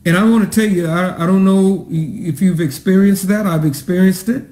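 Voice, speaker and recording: High-voiced man preaching in an echoey room. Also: mellow. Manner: preaching with slow, drawn-out emphasis; greets online viewers by name. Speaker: pastor. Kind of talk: sermon.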